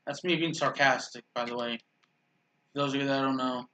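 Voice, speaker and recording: A man's voice: medium pitch, lively intonation, brisk, sharp tone, slight background noise. A man giving casual, rambling commentary while playing a video game, often restarting his sentences and making dry sarcastic remarks about his teammates. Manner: rambling, self-correcting, dryly sarcastic. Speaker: gaming channel host.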